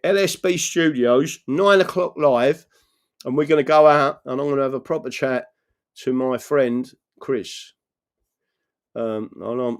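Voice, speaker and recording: On his live political show, a man talks in a steady, mid-range voice, a little slowly. Earnest and meandering, he often checks "right?" and reads viewer messages out loud, then responds.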